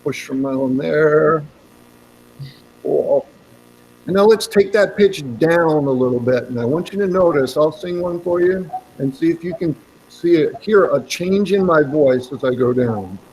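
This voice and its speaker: Encouraging male voice coach with a fairly high-pitched voice and a faint hiss behind him, giving step-by-step breathing and vocal exercise instructions. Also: lively intonation, moderate pace, a little mellow, rough recording. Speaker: voice workshop leader.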